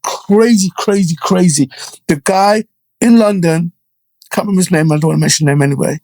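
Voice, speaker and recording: A guest DJ, a middle-aged man from Jamaica, shares stories in a casual interview, speaking a little fast in a high voice. He stays animated and checks in often with "you know" and "right?". There's no room sound.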